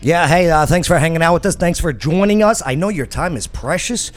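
A man's voice: on the high side, brisk. A man hosting a casual talk show, jokey and rambling, often restarting his sentences.

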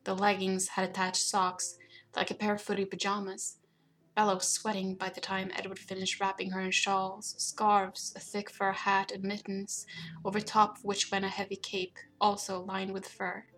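Flat-toned woman narrating a story. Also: mid-range voice, normal speed. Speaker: audiobook narrator.

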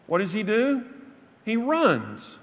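A man preaching a sermon, telling a story and dropping his voice low for quoted lines. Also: huge pitch swings, slow pace, fairly bright tone. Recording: long reverb of a large hall.

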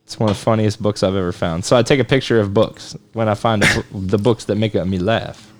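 A man's voice: lowish voice, steady tone, brisk, darkish tone. A man hosting a casual podcast, joking around loosely and running a quiz game. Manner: laid-back joking quiz-giver. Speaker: podcast host. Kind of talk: casual chat.

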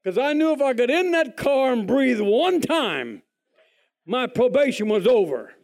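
Folksy high-voiced man. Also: measured pace, gravelly. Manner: folksy, animated, acts out other people's lines in a higher voice. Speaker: speaker giving a testimony. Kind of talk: testimony storytelling.

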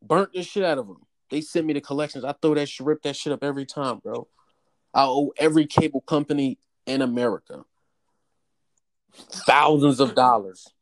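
Young man telling a profane story. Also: moderate pace. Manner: animated, profane storytelling with raised-pitch quotes. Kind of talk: casual storytelling chat.

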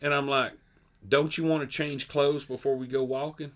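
A man telling a funny story in casual chat, animated and folksy, laughing often. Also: mid-range voice, normal speed. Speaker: podcast co-host.

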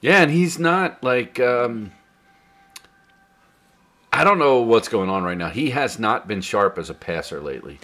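A middle-aged man hosting a casual football chat, relaxed and laughing often as he steers the talk. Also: mid-range voice, measured pace, long pauses.

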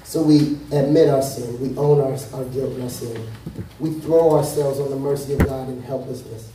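A man's voice: medium pitch, steady tone, moderate pace, noisy background. A male pastor preaching a casual, joking sermon that turns emphatic and earnest. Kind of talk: conversational sermon. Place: church sanctuary. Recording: echoey hall from a distant mic.

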